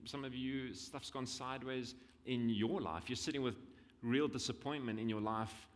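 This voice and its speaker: South African preacher in a reverberant hall. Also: male voice, mid-range voice, fairly even intonation, moderate pace. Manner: conversational, emphatic repetition. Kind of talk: sermon.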